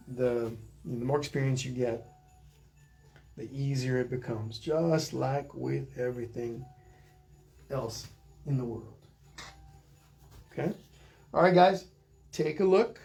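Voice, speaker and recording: A middle-aged man guides viewers through a live online painting class. He talks in a relaxed, chatty way and stops to greet viewers by reading their comments. His voice sits a little higher than most men's. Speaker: painting instructor.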